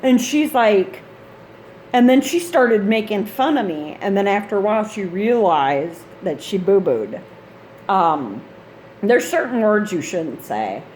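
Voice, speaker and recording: A woman's voice: mid-range voice, expressive, measured pace, a little mellow, a little hiss or hum. A woman, a mother of grown kids, chatting in a rambling, casual vlog style about gaming gear, laughing often. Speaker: gaming channel host.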